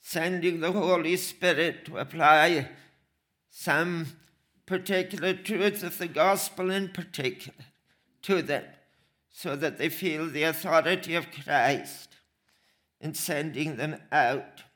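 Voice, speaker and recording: Guy preaching slow, kinda higher voice, leans hard on repeated words. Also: a bit bright. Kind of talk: sermon.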